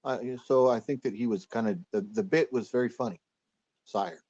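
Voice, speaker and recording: A man co-hosting a casual chat, speaking in a measured way and stumbling at the start of sentences. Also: medium pitch, darkish tone, no room sound, lo-fi sound.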